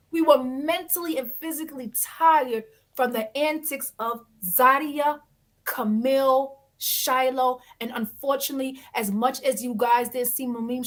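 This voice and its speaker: A woman guest on an interview podcast, telling a story in a blunt, dramatic and expressive way, acting out other people. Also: high-pitched. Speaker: guest, reality dating show cast member.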